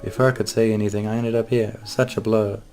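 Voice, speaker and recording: A man's voice: on the low side, level tone, fast, dark tone, faint music behind, voice pushed up, close to an everyday voice. A man voicing a young female cat heiress, sweet and naive, in a game playthrough. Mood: earnest. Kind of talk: game dialogue read aloud.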